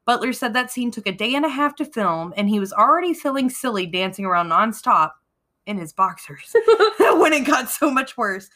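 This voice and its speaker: An American woman co-hosting a podcast, chatting casually and reading out trivia with animated emphasis and frequent laughter. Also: fairly high pitch, normal speed. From United States. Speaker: podcast co-host.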